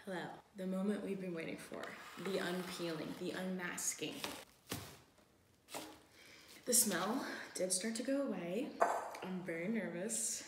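A woman's voice: lowish voice, normal speed. A young woman in her twenties filming a casual vlog in her apartment, chatty and dramatic, often dropping to a whisper. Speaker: vlogger. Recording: echoey room with background noise.

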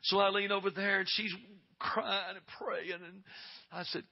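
Older man, bishop, emotional storytelling sermon, rising to shouts, raspy fry, lo-fi church recording. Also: high-pitched, little pitch movement, unhurried. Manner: tearful, rising to shouted exhortation. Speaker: bishop preaching at a revival. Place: church revival service.

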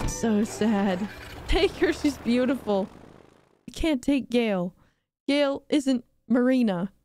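A woman's voice: fairly high pitch, expressive, slow, mellow, soft background music. A young woman live-streaming a game, chatting casually in a bubbly, giggly, rambling way and reacting to chat.

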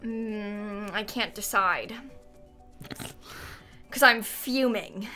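A woman's voice: medium pitch, extremely slow, sharp tone, faint music behind. A young woman hosting a gaming stream at home, chatting in a playful, dramatic, teasing way. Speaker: streamer host. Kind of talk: casual chat while gaming.

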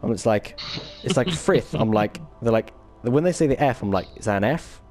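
A man's voice: mid-range voice, animated, normal speed, darkish tone, faint music behind. A man with an English accent, partway between posh and dropped-T London speech, chatting casually while gaming, swearing and laughing as he tells stories. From England. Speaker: streamer.

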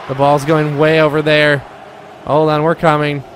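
A man giving excitable commentary over his own gameplay, shouting and laughing at near misses and goals. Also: fairly high pitch, moderate pace, a little hiss or hum. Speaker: gaming YouTuber.

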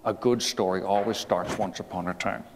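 A man's voice: on the low side, fairly even intonation, moderate pace. A man performing a folksy 19th-century storyteller, reading a fable aloud with homespun asides and questions to his listeners, in an echoey hall. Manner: homespun, digressive, asks the audience questions. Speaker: historical reenactor as a 19th-century president. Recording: echoey hall with faint ambient noise.

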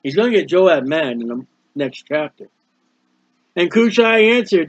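A high-voiced American man teaching a Bible study, moving from slow, careful scripture reading into homespun explanation. The recording is dry and muffled, like an old lo-fi tape, with no room sound at all. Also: big pitch swings, no echo. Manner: reads scripture slowly, then explains in plain folksy asides.

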